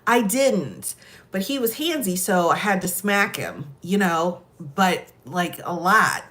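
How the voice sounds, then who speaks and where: A middle-aged American woman telling stories in a casual chat, laughing often and animated. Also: fairly low pitch, takes it slowly. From United States. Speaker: host.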